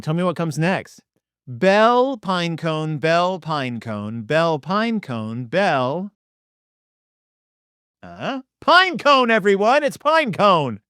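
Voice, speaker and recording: A man comically reading through a children's activity book, quizzing listeners in a playful, mock teacher-like deadpan. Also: on the high side, clean tone, no echo, studio quality. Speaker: comedic podcast host.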